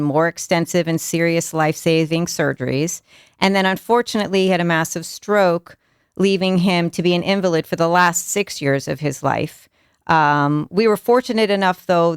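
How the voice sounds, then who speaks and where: A woman's voice: fairly low pitch, clean tone, no echo, clean studio sound. A woman hosting a podcast, talking in an emphatic, candid way. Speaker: podcast host. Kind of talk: casual interview conversation.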